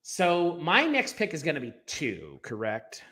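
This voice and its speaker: A man's voice: on the high side, huge pitch swings, a little slow, crowd noise. A man co-hosting a film podcast, giving strong, emphatic opinions in a casual, rambling way with fillers and restarts.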